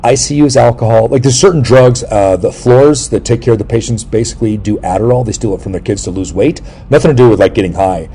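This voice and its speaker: A middle-aged man hosting a casual interview chat, telling rambling, jokey stories and breaking into sudden loud yelps. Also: lowish voice, quick pace, creaky, hardly any pauses, slight background noise. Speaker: podcast host.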